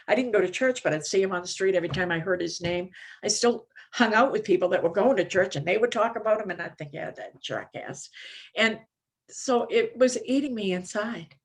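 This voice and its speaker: An older woman shares her personal testimony from a conference stage. She talks candidly and conversationally, often pausing on small fillers as she goes. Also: medium pitch, slightly rough. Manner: candid, conversational, many "you know" fillers. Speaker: recovery speaker at a conference.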